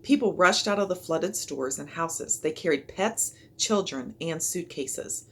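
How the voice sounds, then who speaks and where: A woman reading a children's chapter book aloud in an expressive storytelling manner. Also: low-pitched, unhurried, husky. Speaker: reader.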